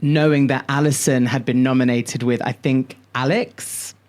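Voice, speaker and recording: Brief: male podcast co-host, animated and sweary, chatting casually in a studio. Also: medium pitch, moderate pace. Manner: animated, swears freely, storytelling. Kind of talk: casual chat.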